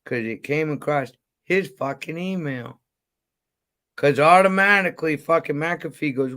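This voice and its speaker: A man's voice: fairly high pitch, a little slow, sharp tone. A man ranting and telling stories in casual chat, profane and rambling, heated at times. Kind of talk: casual storytelling rant.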